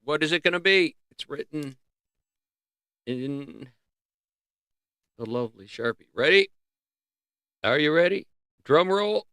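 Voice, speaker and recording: A man hosting a casual livestream, rambling and joking as he thinks out loud. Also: a little high, expressive, takes it slowly, pauses often, clear, resonant tone, no room sound. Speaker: livestream host.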